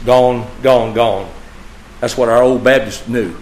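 Male pastor, preaching style that swells loud then drops to a hush. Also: moderate pace, rough recording. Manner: preaching, swinging from loud emphatic peaks to low hushed phrases. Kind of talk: sermon.

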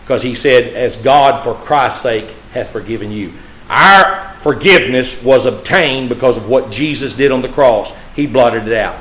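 A man preaching a sermon, swinging from loud, emphatic peaks to low, hushed phrases. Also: moderate pace, low-quality recording. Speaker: pastor.

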